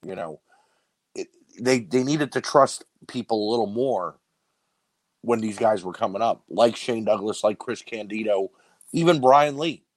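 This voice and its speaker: Lower-voiced male co-host making his case. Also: measured pace, no room sound, poor audio. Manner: argumentative, lays out points at length. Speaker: podcast co-host. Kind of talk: casual wrestling podcast chat.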